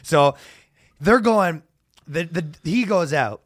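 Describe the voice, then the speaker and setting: A man telling a comedic story on a podcast, loud and animated, with bursts of shouted announcer impressions. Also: on the high side, takes it slowly. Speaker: podcast co-host.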